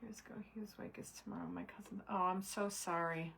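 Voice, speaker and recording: A middle-aged woman hosts a casual craft livestream from her desk, greeting viewers by name as she works. Her voice is bright and forward at a middle pitch, and it drops into quiet muttering whenever she focuses on a fiddly step. A faint background noise sits under the camera mic recording. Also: steady tone, a little fast, creaky. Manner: chatty, talks to viewers by name while working; trails off and mutters while concentrating.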